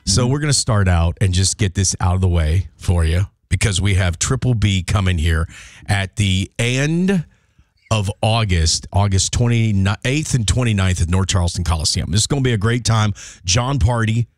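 Low-voiced radio host, dry studio sound. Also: male voice, expressive, normal speed, no echo. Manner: rambling, stumbling, self-mocking. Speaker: radio morning show host. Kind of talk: casual morning radio banter. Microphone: studio microphone.

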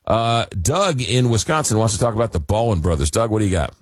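Animated male talk radio host. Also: fairly low pitch, quick pace. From Long Island, New York. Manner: rambling, self-deprecating, animated. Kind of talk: casual talk radio storytelling. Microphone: studio microphone.

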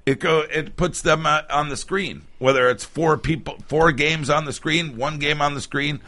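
Bright-voiced man reading the weather. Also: fairly high pitch, steady tone, moderate pace. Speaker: radio host. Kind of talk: casual chat and weather reading.

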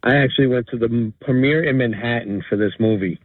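A man calling in to a radio show, speaking earnestly and a little slowly. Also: mid-range voice, dry recording. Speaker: caller. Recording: tinny phone line.

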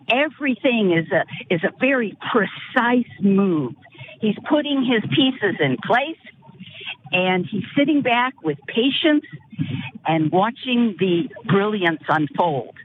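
A man calling in to a radio show, speaking slowly and earnestly. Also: high-pitched. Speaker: radio caller. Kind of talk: phone-in call. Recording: tinny phone line with faint noise.

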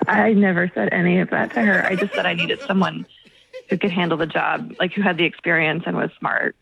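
A woman's voice: lowish voice, steady tone, a little fast, vocal fry. A woman on the phone, baffled and hesitant, stumbling over her words as she answers a prank call. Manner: baffled, hesitant, many restarts. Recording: lo-fi phone line.

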